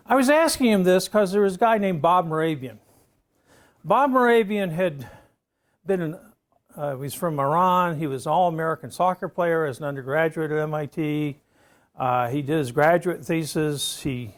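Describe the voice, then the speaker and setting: A man's voice: on the high side, normal speed. A man around seventy, a professor telling a long story to his class and often checking in with "okay?". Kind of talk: classroom lecture anecdote.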